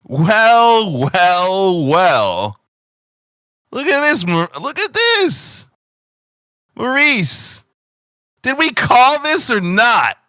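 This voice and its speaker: A man's voice: high voice, wildly swooping pitch, drawn-out words, pauses often, sharp tone, no room sound, studio quality, pitched above the performer's own voice, heavily acted. A man doing a smug bullying train officer. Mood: gloating. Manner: taunting, smug.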